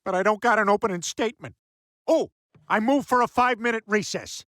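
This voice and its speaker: An actor playing a bumbling, excitable middle-aged cartoon dad who talks in a goofy, dim-witted way. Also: male voice, sits high, brisk, a little hiss or hum. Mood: flustered.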